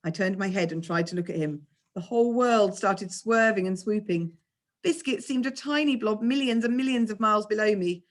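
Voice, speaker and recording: A woman, a teacher, reading a children's novel aloud with expressive storytelling. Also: medium pitch, moderate pace.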